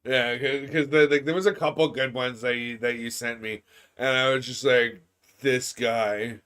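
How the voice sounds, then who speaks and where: A man co-hosting a gaming stream in casual chat, laughing often and tripping over his words when excited. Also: mid-range voice, moderate pace, smooth. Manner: laughs often, stammers and restarts, gets loud when excited.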